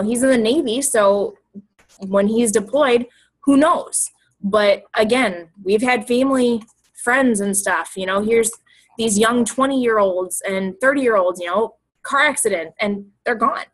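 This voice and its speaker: A woman's voice: mid-range voice, a bit bright, poor audio. A young woman coach talking casually and emotionally, rambling and repeating herself. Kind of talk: casual motivational talk.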